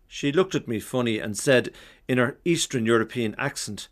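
A man giving a storytelling devotional talk, wry and anecdotal. His voice sits at a middle pitch, and he leads into a reflective point. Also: lively intonation, normal speed. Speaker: speaker giving a seasonal reflection.

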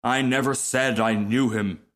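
A man's voice: medium pitch, fairly even intonation, measured pace, a bit bright, natural voice. A man voicing a pompous, self-pitying male firework rocket in a storybook reading, haughty and theatrical.

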